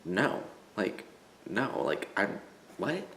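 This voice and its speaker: A man's voice: fairly low pitch, very animated, very slow, noisy background. Rambling teenage boy in an echoey room. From Illinois, US. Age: teens. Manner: rambling, filler-heavy, full of "like". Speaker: vlogger. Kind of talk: casual storytelling vlog.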